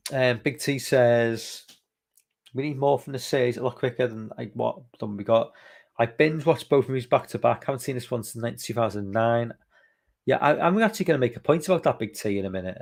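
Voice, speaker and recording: Reading out comments from viewers, this man hosts a podcast live stream in a loose, meandering way, cursing without restraint and using many fillers. His medium-pitched voice is creaky and a little mellow.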